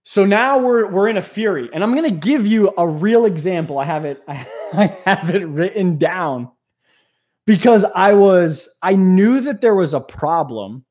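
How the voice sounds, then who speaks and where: A man hosting an aquarium channel, talking in an animated, rambling, jokey way on a live stream. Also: high voice, measured pace. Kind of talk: casual live-stream talk.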